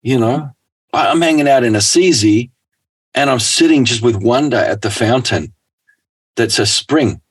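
A middle-aged man talking as a guest in a relaxed, rambling conversation, laughing often. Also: mid-range voice, moderate pace, slightly rough. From Australia. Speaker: guest author.

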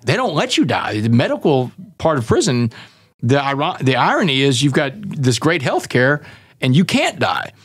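A middle-aged man tells his story candidly into a close microphone, and the sound is dry with no room echo. He acts out the people he quotes, keeps his pitch in a middle range and calls the listener "man" and "brother". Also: very animated, moderate pace, husky. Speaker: guest.

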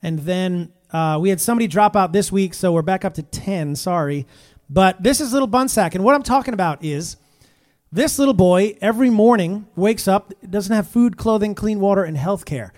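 Chatty high-voiced male live-stream host. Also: moderate pace, a little mellow. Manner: chatty, reads out viewer comments, talks to his pet. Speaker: Christian musician hosting a live stream. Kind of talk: casual live-stream chat. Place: room in his home. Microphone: phone.

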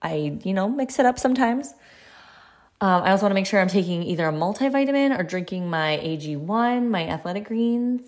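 A woman's voice: medium pitch, animated, fairly quick, darkish tone. A woman in her thirties hosting a casual solo podcast, talking in a chatty, conversational way, laughing lightly now and then. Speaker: podcast host.

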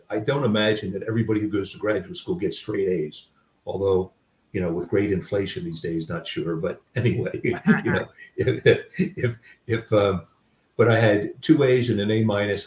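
A man's voice: lowish voice, darkish tone. An older man, a grandfather and author, telling stories from his life in a reflective, self-deprecating way with many fillers and restarts. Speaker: guest author. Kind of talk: storytelling in a conversation. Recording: roomy sound, a bit far from the mic.

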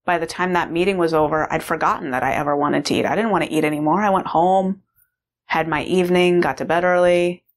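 Woman, slightly low voice, candid reflective personal testimony, fillers and restarts. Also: brisk. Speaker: course participant sharing a personal story.

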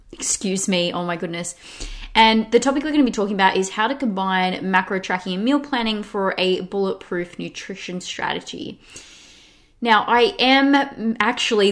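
A young woman hosting her own podcast, talking casually and chattily, with lots of "like" and quick restarts. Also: mid-range voice. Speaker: podcast host. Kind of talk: casual solo podcast talk.

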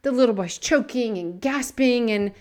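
A woman's voice: on the high side, normal speed, a little mellow. A woman co-hosting a Christian podcast, earnestly telling a story and acting out its characters. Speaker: podcast co-host. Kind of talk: faith podcast chat with storytelling.

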